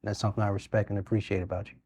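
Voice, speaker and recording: A man, speaking in an earnest, reflective way as a guest in a studio interview. His voice sits low and mellow, and his pitch stays fairly flat and even as he talks. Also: very fast, slightly rough, dry recording. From Birmingham, Alabama. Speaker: mayor. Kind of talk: interview conversation.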